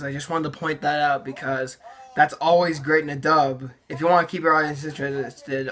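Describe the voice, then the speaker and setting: A teenager talks through a casual reaction video, poking fun at their own early work with dry sarcasm. The voice sits at an everyday middle pitch, and the delivery is loose and full of fillers and restarts. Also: fairly even intonation, normal speed, fairly bright tone. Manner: sarcastic, self-mocking, many fillers. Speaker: YouTuber reviewing own old videos.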